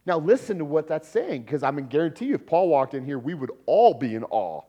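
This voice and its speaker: A man preaching a sermon in a lively, conversational way, with laughs and sudden loud emphasis. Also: a little high, fast, breathy edge, muffled recording. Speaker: pastor.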